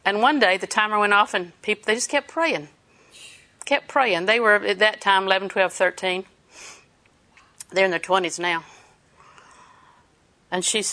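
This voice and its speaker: A woman preaching a sermon, telling stories and laughing as she exhorts. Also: mid-range voice. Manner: storytelling, animated, laughs while preaching.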